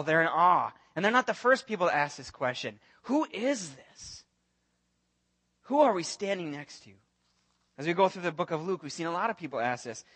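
A man preaching a sermon as pastor, telling the story in an earnest, animated way and acting out the voices of the people in it. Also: a little high.

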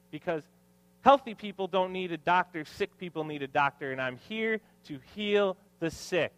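Lively, joking male pastor preaching. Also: sits high, normal speed. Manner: joking, self-deprecating asides to the congregation. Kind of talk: sermon. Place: church hall with congregation.

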